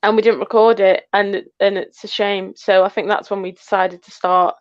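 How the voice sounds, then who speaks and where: A woman's voice: mid-range voice, level tone, moderate pace, no echo, dull audio. An English woman co-hosting a casual live chat, teasing her friend and reading out viewer comments. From England. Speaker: co-host of a metal detecting channel.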